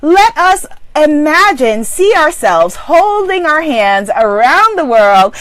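In a slow, sing-song, fairly bright high voice, a woman runs a live-streamed abundance coaching session online. She exuberantly affirms her viewers and reads their comments aloud, with no room sound in the recording.

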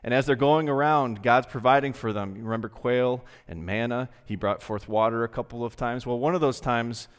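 Male pastor, mid-pitched, earnest, conversational sermon delivery with pauses; long sanctuary reverb. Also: clean tone. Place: church sanctuary. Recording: long reverb from a large hall.

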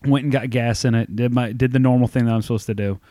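A man's voice: medium pitch, fairly even intonation, fast, warm tone, dry recording, studio quality. A man in his thirties, co-hosting a podcast, telling a long self-mocking story with lots of swearing and laughter. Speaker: podcast co-host. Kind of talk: casual storytelling chat.

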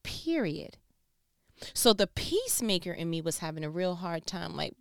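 A woman from New York tells a casual story to camera, with a smooth, clear voice. Her delivery is emphatic and expressive, and she slips into other people's voices as she goes. The sound is dry and close, with no room around it. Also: fairly low pitch, normal speed, no room sound. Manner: emphatic and expressive, acts out voices, laughs between lines. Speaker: storyteller recounting a work conflict.

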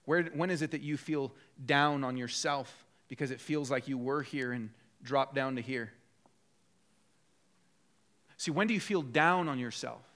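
A man's voice: mid-range voice, measured pace, a bit bright. A man preaching a conversational sermon as pastor, rising to emphatic bursts when voicing people's inner thoughts. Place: church.

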